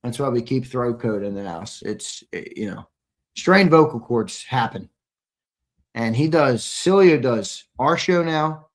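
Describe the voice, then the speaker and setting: A man's voice: mid-range voice, animated, unhurried. A young man co-hosting a live sports stream, reading the chat in a brash, teasing, profane way, his voice a little strained. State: slightly strained voice.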